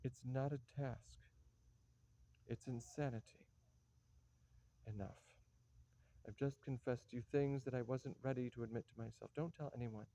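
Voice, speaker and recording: A man's voice: mid-range voice, fairly even intonation, moderate pace, long pauses, mellow, natural voice. An actor playing an aging father who pleads with his daughter and blusters when he cannot follow events, in a stage play reading. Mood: flustered. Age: older. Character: weary aging father, fond but exasperated. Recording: dull lo-fi recording.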